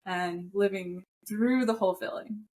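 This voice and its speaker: A woman's voice: mid-range voice, unhurried, a little mellow. A woman co-hosting a podcast, speaking openly and candidly as she tells a personal story. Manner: open and candid, telling personal stories. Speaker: podcast co-host.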